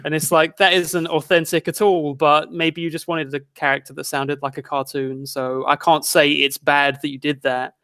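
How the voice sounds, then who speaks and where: A man's voice: fairly high pitch, little pitch movement, normal speed, few pauses, pushed and bright, no room sound. A man speaking as a guest in a casual discussion, in an easygoing conversational way with some casual swearing. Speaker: guest video critic. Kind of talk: casual chat.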